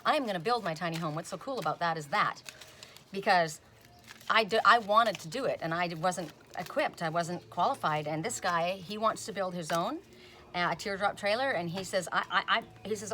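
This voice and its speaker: A woman's voice: on the low side, a little fast, pushed and bright, a little hiss or hum. A woman giving a casual spoken oracle card reading. She chats, often tags on "right?", and breaks off with sudden emphatic "Stop.".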